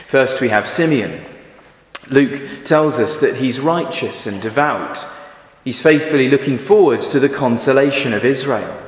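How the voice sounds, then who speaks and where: A man preaching a sermon in a church, speaking in an expressive, measured storytelling manner. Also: mid-range voice. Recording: echoey church with long reverb.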